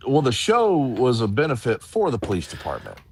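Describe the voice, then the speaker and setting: A man's voice: medium pitch, brisk, noisy background. A male wrestler being interviewed, telling stories casually, acting out other people's voices and laughing often. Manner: animated, acts out quoted voices, laughs often. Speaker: guest wrestler.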